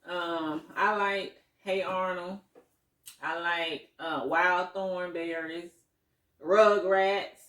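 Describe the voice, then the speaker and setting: A woman's voice: fairly low pitch, steady tone, very slow, fairly bright tone, far from the mic. A woman hosting a family mukbang at home, chatting and laughing between bites. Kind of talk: casual family chat while eating. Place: home dining area. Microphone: phone set at a distance. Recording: echoey room, phone mic away from her, faint noise.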